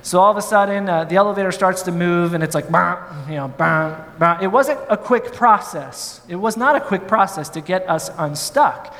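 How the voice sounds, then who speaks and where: A male pastor telling a story in a sermon, in an animated, playful way. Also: high-pitched, normal speed, hardly any pauses, big-room sound.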